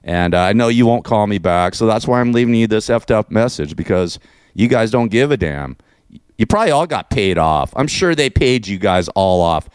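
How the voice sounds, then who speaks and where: A man's voice: fairly low pitch, animated, normal speed, smooth, no room sound, studio quality. A middle-aged man hosting a radio show, ranting sarcastically and rambling between laughs.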